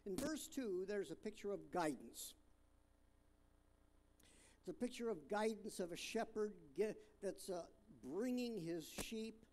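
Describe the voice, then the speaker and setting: A man preaching a sermon, reading scripture aloud and talking it through in a halting way with fillers and restarts. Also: high voice, expressive, a little mellow. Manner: reads scripture aloud, stressing different words.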